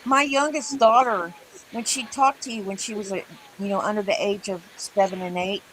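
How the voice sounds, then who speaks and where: A woman's voice: medium pitch, fairly even intonation, moderate pace, a bit bright, slight background noise, poor audio. A middle-aged woman telling stories in a casual chat with friends, emphatic and talkative. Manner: chatty storyteller, emphatic. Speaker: co-host.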